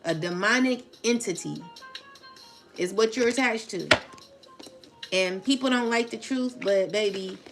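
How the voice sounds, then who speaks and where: A woman's voice: medium pitch, measured pace, long pauses, music in the background. A woman reading tarot for viewers in a casual spoken vlog, talking in a rambling, blunt and profane way. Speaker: tarot reader addressing viewers.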